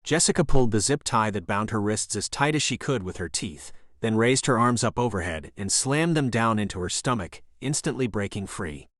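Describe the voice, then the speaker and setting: A man's voice: lowish voice, animated, normal speed, few pauses, a bit bright, no echo, clean studio sound. Man narrating a thriller audiobook. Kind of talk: scripted narration.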